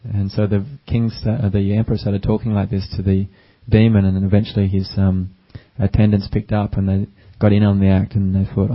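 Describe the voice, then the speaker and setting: A man giving a gentle, unhurried dharma talk as a meditation teacher, with frequent ums and uhs. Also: fairly low pitch, monotone. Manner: gentle, unhurried, with many fillers. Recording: dull lo-fi recording.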